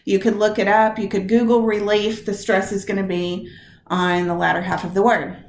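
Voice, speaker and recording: A woman teaching a recorded video lesson to her high school English class, talking straight to the students and drawing out her spoken examples. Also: level tone, echoey room, slight background noise. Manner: chatty, direct address to students, drawn-out examples. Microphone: computer mic.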